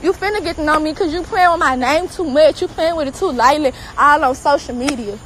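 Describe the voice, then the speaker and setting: A woman's voice: high-pitched, a little fast, a bit bright, a little hiss or hum, poor audio. Heated, swearing woman on a rant. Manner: profane, heated, repetitive. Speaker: celebrity girlfriend. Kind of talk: angry social media rant.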